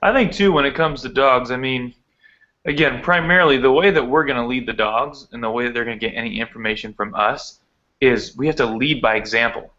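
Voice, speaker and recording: A man's voice: medium pitch, a little fast, pushed and bright. A man co-hosting a live online dog training chat, explaining with energy over a video call. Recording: dull lo-fi video call audio.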